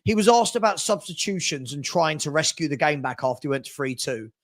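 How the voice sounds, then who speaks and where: A man's voice: fairly high pitch, expressive, brisk. A man co-hosting a casual football chat, talking in an exasperated, emphatic way. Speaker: co-host.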